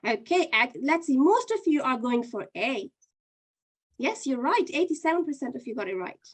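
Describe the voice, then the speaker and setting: A woman's voice: sits high, very animated, moderate pace. A woman teaching an online Qur'an reading lesson, patiently explaining step by step and running a quiz.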